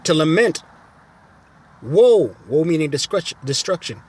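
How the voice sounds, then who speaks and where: Husky man preaching emphatically. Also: fairly high pitch, very animated, unhurried. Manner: emphatic, repeats phrases and asks "right?" often. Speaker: teacher of a religious camp. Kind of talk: scripture teaching, sermon-like.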